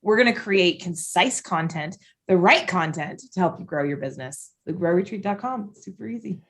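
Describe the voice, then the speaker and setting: A woman's voice: fairly low pitch, animated. A woman in her thirties speaking passionately as a guest on an interview podcast. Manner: passionate, impassioned, rapid. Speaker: podcast guest, event founder. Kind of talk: casual interview chat.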